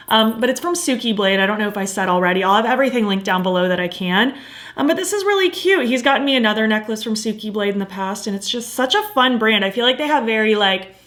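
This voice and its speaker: A woman's voice: medium pitch, fairly bright tone. A young woman talks straight to camera in a casual beauty vlog, her voice sitting in a middle register. She gushes with enthusiasm and pads her sentences with fillers and asides, sounding close to a simple home camera mic. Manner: gushing, enthusiastic, filler-heavy. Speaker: beauty vlogger. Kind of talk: casual favorites review.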